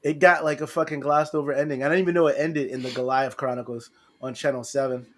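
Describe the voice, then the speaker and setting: A man co-hosting a casual podcast chat, profane and animated, acting out quotes in a raised voice. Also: mid-range voice, fast talker. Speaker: podcast co-host.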